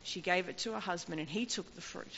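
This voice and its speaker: A woman's voice: lowish voice, a little fast, a bit bright, slight background noise. A woman preaching a sermon with impassioned, rising and falling emphasis. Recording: long hall reverb, dull lo-fi sound.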